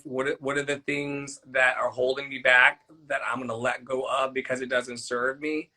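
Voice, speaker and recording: Bright-voiced reflective man. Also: medium pitch, low-quality recording. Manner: earnest and reflective, with restarts. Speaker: co-host. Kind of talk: reflective casual chat.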